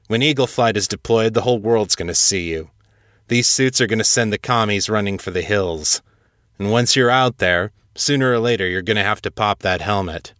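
A man's voice: fairly low pitch, normal speed, a bit bright, no room sound, natural voice. A man voicing a blunt, commanding older Air Force colonel who swears freely and talks dryly. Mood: stern. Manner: profane, commanding, dry.

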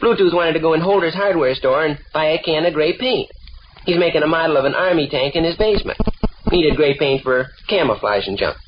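An actor playing an earnest, long-winded young son with a deadpan, repetitive manner, in 1930s radio acting. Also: male voice, a little high, fairly quick, natural voice. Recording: dull old radio broadcast with faint hiss.

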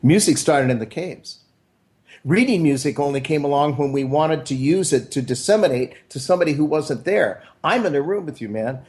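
A man's voice: a little high, lively intonation, moderate pace, a little mellow. A middle-aged man, a mentor and interview guest, telling upbeat stories and acting out the voices of the people he quotes. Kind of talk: storytelling conversation.

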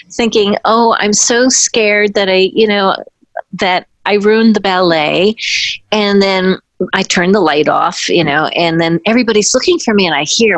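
A woman, a former ballet dancer, telling a personal anecdote in a halting way, restarting sentences and briefly acting out the people she quotes. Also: mid-range voice, no echo. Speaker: former ballet dancer recounting her career.

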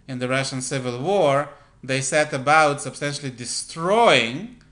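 A male radio commentator delivering a political monologue at a middling pitch. He talks in a deliberate, halting way, breaking his sentences with fillers, restarts and frequent throat-clearing. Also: a bit bright.

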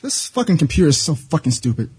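A man calling in to an online talk show, ranting and swearing, shouting in frustration. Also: fairly high pitch, very animated, fast, a little hiss or hum. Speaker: caller. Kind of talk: angry call-in rant.

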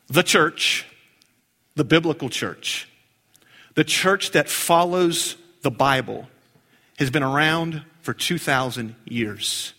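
A middle-aged man preaching a sermon as pastor, animated, with jokes and sudden hushed low passages. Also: takes it slowly, long reverb tail. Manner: animated, dips into low hushed emphasis and jumps high for jokes.

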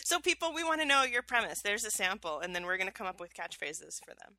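A woman co-hosting a casual podcast from her house, bubbly and quick to laugh. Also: mid-range voice, no echo. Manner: bubbly, animated, laughs easily. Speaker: podcast co-host.

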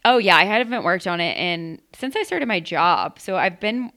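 A young adult woman in casual chat, talking in quick asides and laughing often. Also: lowish voice, expressive, pushed and bright.

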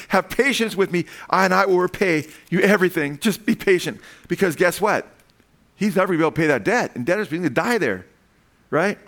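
A man's voice: on the high side, fairly bright tone. A man preaching a sermon in a conversational, emphatic way, often asking his listeners questions.

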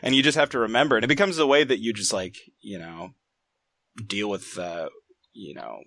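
A man's voice: fairly low pitch, a little fast, sharp tone, dry recording. A man interviewing casually, talking in a hesitant way full of fillers. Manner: hesitant, lots of fillers and "you know".

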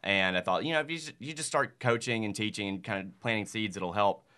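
A man's voice: fairly low pitch, fast, pushed and bright, smooth. A man in his thirties from Mississippi, a podcast guest chatting casually and earnestly, with many fillers like "like". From Mississippi, USA. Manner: earnest, rambling, heavy use of "like". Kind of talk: casual chat.

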